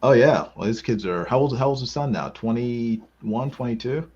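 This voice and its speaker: A middle-aged man, a guest, chatting casually with a laughing, expressive manner. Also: mid-range voice, normal speed, lo-fi sound, crowd noise. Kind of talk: casual chat.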